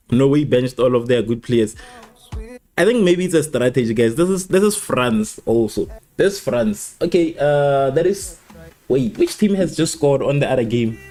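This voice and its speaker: A man hosting a live football watchalong, rambling and repeating himself, who laughs at his own slips and jumps high in pitch at exciting moments. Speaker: watchalong host. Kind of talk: live match watchalong chat.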